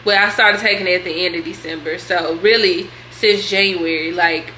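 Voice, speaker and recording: A woman's voice: lowish voice, fairly even intonation, moderate pace, sharp tone, roomy sound, a little hiss or hum. A young woman vlogging a candid question-and-answer session, chatty and slangy. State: tearful at times. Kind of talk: candid vlog Q&A.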